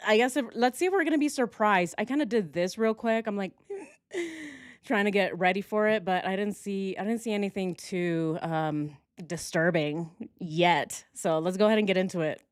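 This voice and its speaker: A woman hosts a relaxed reaction stream, chatting to her viewers and laughing easily between thoughts. Her voice sits in a middle range, recorded close and dry with no room around it. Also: mid-range voice, normal speed, no echo. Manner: chatty, laughs often, reads out viewer comments. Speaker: host. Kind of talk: casual reaction stream chat.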